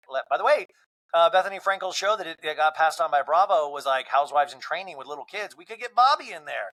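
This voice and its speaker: A man's voice: fairly high pitch, expressive, quick pace, pushed and bright, low-quality recording. A man hosting a podcast, recapping a reality show on his own in a playful, joking way and slipping into impressions of the people on it. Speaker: podcast host. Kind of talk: comedic solo recap.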